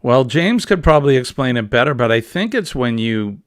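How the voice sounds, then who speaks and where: A man's voice: medium pitch, sing-song, normal speed, no room sound, clean studio sound. A middle-aged man hosting a casual morning chat show, rambling and jokey. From New England. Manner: rambling, jokey, easily amused. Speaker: host.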